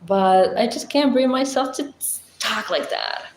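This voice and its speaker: A woman's voice: a little high, unhurried. A woman chatting casually on a livestream, rambling with many fillers. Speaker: livestream host. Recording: echoey room with faint ambient noise.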